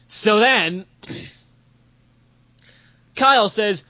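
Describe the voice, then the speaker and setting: A young man telling comedic stories on a podcast, animated and profane, jumping into character voices. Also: moderate pace. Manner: animated, profane, acts out quotes with big pitch jumps. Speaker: storyteller on a podcast. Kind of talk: casual comedic storytelling. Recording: dull lo-fi podcast audio.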